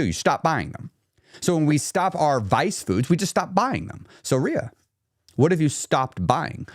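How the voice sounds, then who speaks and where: A man coaching a viewer bluntly, challenging her with rapid-fire questions and frank examples. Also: medium pitch, dry recording, clean studio sound. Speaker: weight-loss coach. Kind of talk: direct coaching talk to a viewer.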